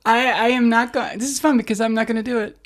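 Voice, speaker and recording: Joking woman co-host, slightly high voice. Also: fast. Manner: joking, self-mocking, animated. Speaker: podcast co-host. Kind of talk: casual chat.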